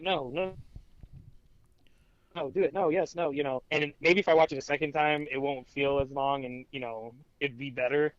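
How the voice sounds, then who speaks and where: A man's voice: mid-range voice, a bit bright, clear, resonant tone, no room sound. A man co-hosting a casual podcast, talking in a laid-back, hesitant way full of "you know". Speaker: podcast co-host. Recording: dull dry mic.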